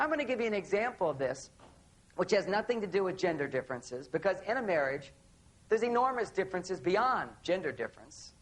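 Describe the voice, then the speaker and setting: A man giving a seminar talk on relationships, telling an anecdote in an animated way and acting out bits of dialogue. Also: high voice, poor audio. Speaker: relationship author speaking on stage.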